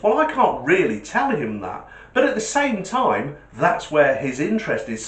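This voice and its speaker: A man's voice: a little high, fairly bright tone, reverberant. A man hosting a car channel, chatting casually to camera and joking with viewers. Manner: chatty, jokey, asks viewers directly.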